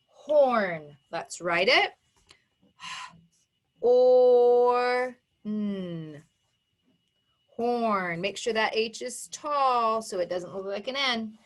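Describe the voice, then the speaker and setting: Slow, clear-spoken woman phonics teacher. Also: fairly high pitch. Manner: sounds words out slowly and emphatically, warm encouraging praise. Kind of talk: slow, exaggerated phonics dictation for young children.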